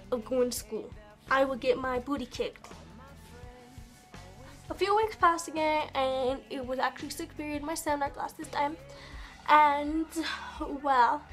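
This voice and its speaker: A woman vlogger telling a story casually and animatedly, acting out the dialogue. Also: high voice. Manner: animated, quick bursts, acts out dialogue. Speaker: beauty vlogger.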